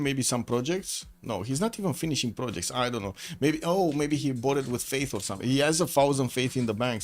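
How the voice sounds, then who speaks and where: Male esports caster, mid pitch, chatty self-correcting delivery, faint music behind. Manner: thinking aloud, many fillers and self-corrections. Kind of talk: live game commentary.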